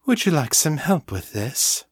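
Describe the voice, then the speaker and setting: A man reads a sly, purring woman with a posh upper-class drawl, pitched well above his own voice. She sounds playful and self-assured, a figure in a spoken story. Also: big pitch swings, a little slow, husky, no echo, clean studio sound, full character voice. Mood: teasing. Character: posh, teasing shapeshifted woman.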